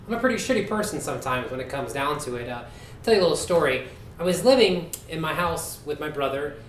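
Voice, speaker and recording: A man telling a comic story in a confessional, deadpan way, with casual profanity, in an echoey room. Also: on the high side, a little hiss or hum. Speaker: stand-up comedian.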